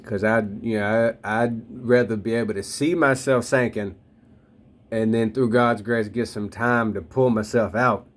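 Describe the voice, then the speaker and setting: A man's voice: mid-range voice, fairly even intonation, unhurried. A man in his thirties reflecting on faith in a loose, slangy, rambling way, talking straight to his listeners. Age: 30s. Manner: addresses listeners directly. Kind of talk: casual spoken reflection on faith.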